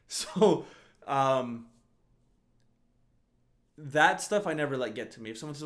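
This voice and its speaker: A man's voice: medium pitch, slow, long pauses, fairly bright tone. A man hosting a casual solo podcast, rambling and often laughing as he restarts his sentences. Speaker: podcast host.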